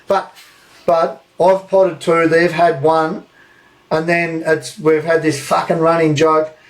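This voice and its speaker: A young Australian man telling a story on a live podcast, animated and swearing freely. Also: a little high, slow pace, rough recording. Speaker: podcast co-host.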